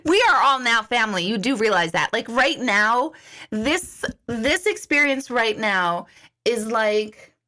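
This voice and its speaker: A middle-aged woman hosts a casual livestream and chats with her viewers. Her voice is bright and forceful, and she talks in a chatty, giggly way, often restarting her sentences. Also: a little high, animated, unhurried. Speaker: intuitive coach hosting a livestream. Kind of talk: casual live chat reading viewer comments.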